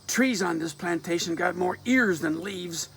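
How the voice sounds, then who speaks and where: An anxious, scolding young woman, as a man reads her lines aloud. The voice lifts high above his usual tone, pleading and warning in rural dialect. A gravelly edge and unhurried delivery carry through from the reader. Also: fairly bright tone, exaggerated voice. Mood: urgent, scolding. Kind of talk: dramatic reading of a play.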